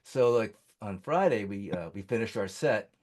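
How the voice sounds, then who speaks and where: A man's voice: lowish voice, lively intonation, moderate pace, darkish tone. A man on a music industry panel telling a long story in a casual, rambling way, full of fillers and restarts.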